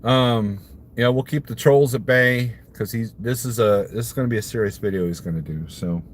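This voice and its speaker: A man from Missouri hosts a loose live stream, answering chat in a rambling, easygoing way. His voice sits in an ordinary male middle pitch, and he often chuckles at his own jokes. Faint noise hums in the background. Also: normal speed. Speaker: trucker livestreamer.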